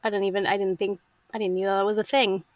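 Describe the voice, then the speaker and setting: American lady narrator, casual and giggly, lots of ums, middle pitch. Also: flat delivery, quick pace, dry recording. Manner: chatty, laughs often, many ums and restarts. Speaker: audiobook narrator, guest. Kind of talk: casual interview chat.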